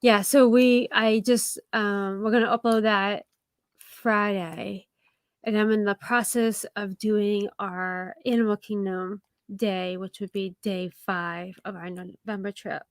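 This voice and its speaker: A woman of middle pitch chats on a live stream, laughing often and hesitating with fillers. The sound is dry and close, without room echo. She talks in an everyday way. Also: steady tone, slow pace. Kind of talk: casual live stream chat.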